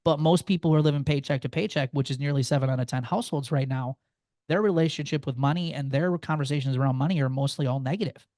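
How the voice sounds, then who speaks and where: A man's voice: on the high side, quick pace, a little mellow, dry recording, studio quality. A man who is a guest on a podcast, giving personal finance advice in an earnest, encouraging way. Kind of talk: conversational interview.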